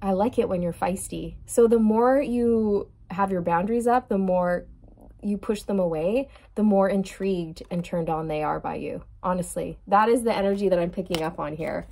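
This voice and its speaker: A woman's voice: mid-range voice, normal speed, gravelly, dark tone. A young adult woman giving a chatty tarot reading straight to her viewer, laughing often and calling her girl. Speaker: tarot reader.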